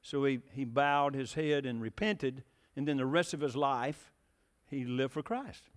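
A man's voice: medium pitch, unhurried, big-room sound. A man preaching a sermon in a folksy, storytelling way, with many fillers and questions to the congregation.

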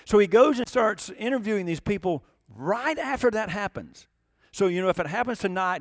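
A man's voice: high voice, no echo, clean studio sound. A man preaching a sermon in an emphatic, conversational way, full of rhetorical questions. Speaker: pastor.

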